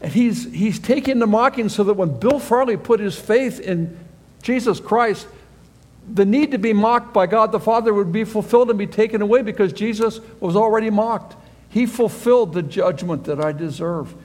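A man's voice: high voice, moderate pace, a little mellow. A man giving a sermon as a pastor, earnestly reading scripture aloud and explaining it verse by verse. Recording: long reverb of a large hall.

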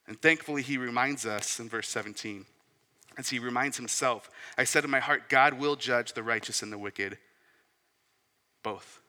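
A man in his thirties delivers a sermon, his very bright and forceful voice mixing scripture reading with casual, conversational asides. He often poses rhetorical questions. The sound carries a long reverb, as from a large hall. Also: mid-range voice, moderate pace. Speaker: pastor.

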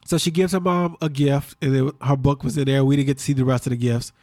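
A man co-hosting a podcast, recapping a reality show in quick, animated casual chat. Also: medium pitch, dry recording, clean studio sound. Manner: fast-talking, animated storyteller. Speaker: podcast co-host.

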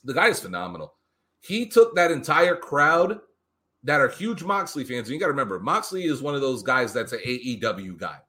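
Bright-voiced animated man. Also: medium pitch, a little fast. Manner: animated, profane, acts out quotes. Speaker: podcast co-host. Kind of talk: casual wrestling chat.

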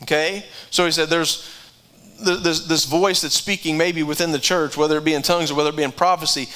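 Bright high-voiced male preacher. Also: steady tone, a little fast, low-quality recording. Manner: conversational, repeats words, rises in pitch when stirred. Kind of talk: sermon.

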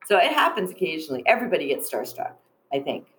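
Middle-aged woman, podcast guest; chatty, animated storyteller, plenty of ums and you-knows. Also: lowish voice, fast talker, a little hiss or hum, poor audio. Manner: chatty, animated, many fillers. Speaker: arts presenter, guest. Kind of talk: casual interview storytelling.

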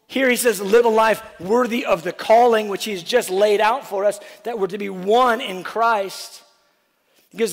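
A man preaching a sermon as a pastor, acting out back-and-forth dialogue and swinging between loud urgent lines and hushed ones. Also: high voice, fairly even intonation, normal speed, big-room sound. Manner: acts out dialogue with the apostle in different voices.

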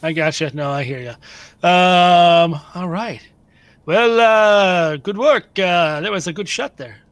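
A man with a high voice chatting casually as a player in a tabletop game. He answers in short, easygoing replies. His voice is recorded close and dry, with no room sound. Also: takes it slowly, a bit bright, no echo.

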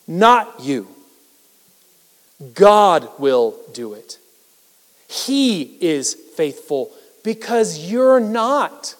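High-voiced male pastor in reverberant hall. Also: big pitch swings, slow pace. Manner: conversational, self-deprecating, swings from loud to hushed. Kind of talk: sermon. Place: church sanctuary.

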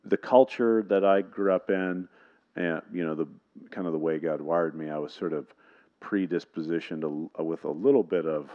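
A man with a remarkably deep voice speaks in a loose, halting way, feeling for his words as he addresses a guest. The sound is dull and lo-fi. He comes across as earnest and informal. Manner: casual, searching, hesitant phrasing. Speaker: pastor introducing a guest. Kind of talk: church introduction.

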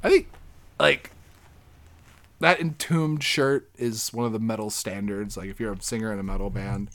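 A young man giving casual, crude reaction commentary on videos, excitable and swearing, with laughing outbursts. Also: lowish voice, moderate pace.

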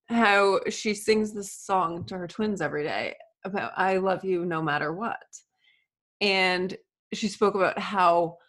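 An effusive woman hosts a podcast from home, her voice sitting at a middling pitch. She sounds enthusiastic and affectionate as she chats with a guest over a remote call. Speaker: podcast host. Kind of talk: warm, effusive podcast chat. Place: home in Florida. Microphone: remote call recording.

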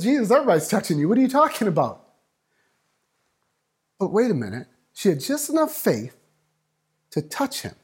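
A man preaching a sermon, building up and dropping to a hush, acting out voices in the story. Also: on the high side, slightly rough. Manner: dynamic preaching, swings from loud to hushed. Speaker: pastor.

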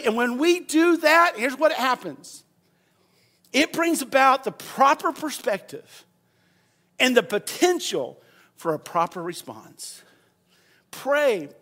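A man preaching a sermon, moving from quiet storytelling to loud, shouted preaching and leading the congregation in call-and-response. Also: high voice. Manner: leads the congregation in repeating phrases. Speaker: pastor.

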